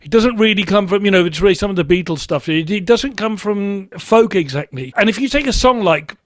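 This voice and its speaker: A man with a high-pitched voice talks through his ideas in a casual interview. He is enthusiastic and thoughtful, and often circles back to restart a sentence. The sound is dry and close, with no room echo. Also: animated, fairly quick. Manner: enthusiastic about music. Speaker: musician guest.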